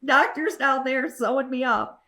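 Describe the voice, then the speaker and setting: A woman's voice: sits high, measured pace, pushed and bright. A woman co-hosting a casual podcast, telling candid, blunt stories among friends. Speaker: podcast co-host. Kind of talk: casual chat.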